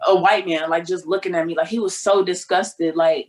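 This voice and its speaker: Young detroit woman, lively storyteller on a chat show, does the voices, swears a lot. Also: fairly low pitch, moderate pace. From Detroit, United States. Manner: animated, acts out quoted voices, swears freely. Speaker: podcast guest.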